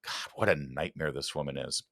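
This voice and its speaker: A man's voice: a bass voice, a little fast, vocal fry, a bit bright, no room sound, clean studio sound. A man hosting a political commentary show, talking with sarcastic, mocking asides. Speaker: talk show host.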